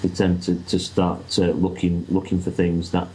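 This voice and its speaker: A man with a very deep, dark voice answers as a talk show guest. He speaks in a flat, even tone, halting and repeating words as he goes. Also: rough recording. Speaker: guest, spirit rescuer.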